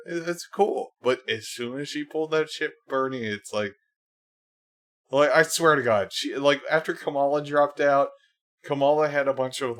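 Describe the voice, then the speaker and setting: A man's voice: mid-range voice, fairly bright tone. A man hosting a livestream, ranting casually and angrily, swearing often and leaning on "like" fillers. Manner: heated, profane, many fillers. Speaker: livestream host. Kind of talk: casual political rant.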